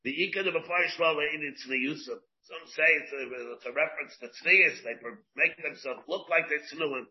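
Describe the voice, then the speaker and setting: Man, rabbi teaching Talmud, slightly high voice, explains step by step with restarts. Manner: explains slowly, mixes Hebrew and Aramaic terms into English, many restarts. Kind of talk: Talmud class lecture. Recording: dull lo-fi class recording.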